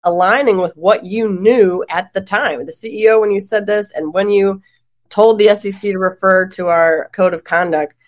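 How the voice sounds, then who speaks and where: A woman law professor on a podcast panel, talking in animated quick bursts and often laughing. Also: medium pitch. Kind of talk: podcast roundtable discussion.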